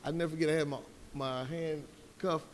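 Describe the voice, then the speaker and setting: A man's voice: on the high side, fairly even intonation, normal speed, in a large hall, a little hiss or hum. A man on a live debate panel, telling a personal story with fervor and calling his listeners brother like a preacher.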